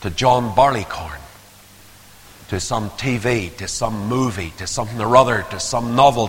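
Preacher in an echoing hall. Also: male voice, medium pitch, moderate pace. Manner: dramatic swings from hushed to loud. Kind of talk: sermon. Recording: long hall reverb.

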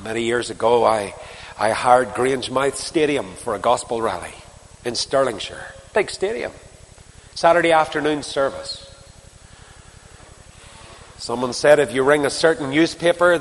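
An older male preacher delivers a sermon, carrying the listener through stories with voiced dialogue. His pitch sits in the middle range and his emphasis rises and falls. The voice rings out with a long reverb, as in a large church hall. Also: lively intonation, moderate pace. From Northern Ireland. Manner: storytelling with quoted dialogue, rising and falling emphasis.

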